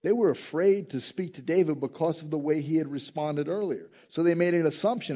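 Emphatic preacher with a mellow, fairly high voice. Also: male voice, a little fast, hardly any pauses, dull audio. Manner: swings between quiet reflective passages and loud emphatic rises; asks the listeners direct questions. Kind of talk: sermon.

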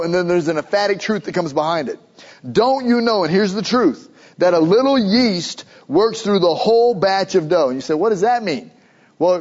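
A pastor preaching a sermon, emphatic, building to urgent questions. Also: male voice, high voice, a little mellow, dull audio.

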